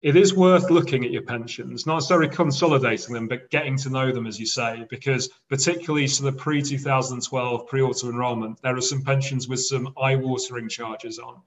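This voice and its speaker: A man's voice: mid-range voice, steady tone, fairly quick, hardly any pauses, recorded from a distance, poor audio. Eager man explaining, a bit off-mic. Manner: enthusiastic, explanatory. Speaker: podcast guest, pensions specialist. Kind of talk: casual interview chat.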